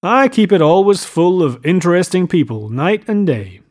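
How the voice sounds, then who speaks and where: A man's voice: high-pitched, sing-song, normal speed, darkish tone, pitched above the performer's own voice. Eager, boastful rich young man voiced by a male reader, showy and a little anxious, storybook reading. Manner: eager, boastful, keeps saying "old sport".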